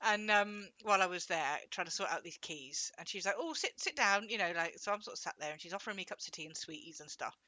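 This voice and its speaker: A woman's voice: fairly low pitch, fast, few pauses, pushed and bright, no room sound. A young woman chatting casually while gaming, rambling and acting out quoted voices as she tells a story. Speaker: gaming co-host.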